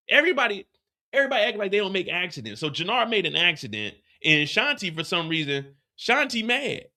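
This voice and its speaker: A man hosting a live after-show, recapping an episode in an animated, slangy way with lots of restarts and repeats. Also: high-pitched, brisk. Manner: profane, slangy storytelling.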